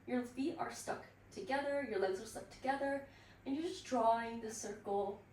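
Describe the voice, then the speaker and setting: Woman pilates instructor, slightly high voice, breathless, far from the mic in an echoey room with faint background noise. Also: a little mellow. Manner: slow counting cues with light laughs. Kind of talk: guided workout class. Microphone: built-in device mic.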